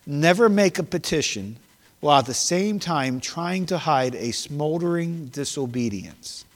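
A preacher voicing a quiet, firm father. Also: fairly high pitch, lively intonation, measured pace, in a large hall. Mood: stern. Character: calm firm father correcting his son.

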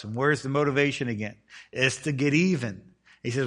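Preacher, male, bright forceful voice, reads scripture then unpacks it conversationally. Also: mid-range voice, fairly quick. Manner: reads scripture aloud then explains it in casual plain words; acts out the lines of the people in the text. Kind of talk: expository Bible teaching to a group.

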